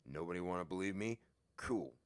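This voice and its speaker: Low-voiced guy doing a swear-heavy storytime, talks loose and lively. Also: brisk. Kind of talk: casual storytime monologue.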